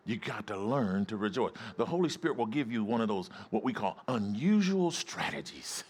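A man's voice: on the low side, expressive, normal speed, darkish tone. A male pastor preaching a sermon, emphatic and calling out to his congregation for responses.

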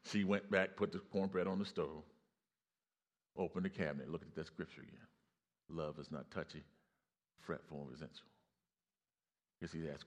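A man preaching a sermon, telling stories and rising to loud exclamations. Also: rumbling low, steady tone, moderate pace, pauses often.

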